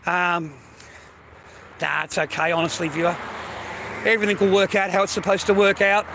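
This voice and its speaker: Older Australian bloke hosting a livestream, high and bright voice, foul-mouthed casual rambling, faint noise behind. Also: male voice, level tone, normal speed. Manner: swears constantly, calls listener mate and bro. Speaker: livestream host. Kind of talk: casual rambling monologue to viewers.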